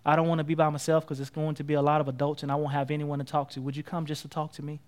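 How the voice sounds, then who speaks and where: A man voicing a timid young girl who pleads softly with her friend in a sermon story. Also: a little high, little pitch movement, very fast, voice pushed down, lightly acted. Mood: pleading.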